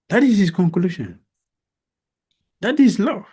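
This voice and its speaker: A man giving a devotional lecture as a spiritual teacher, telling a story slowly and with emphasis, with many pauses and fillers. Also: high voice, big pitch swings, darkish tone, husky. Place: lecture hall.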